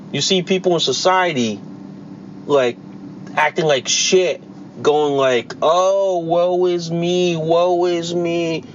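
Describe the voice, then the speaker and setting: A man's voice: fairly high pitch, muffled recording, slight background noise. A man in his forties hosting a solo podcast, ranting bluntly and repeating himself emphatically, with occasional swearing. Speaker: podcast host. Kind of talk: solo opinion monologue.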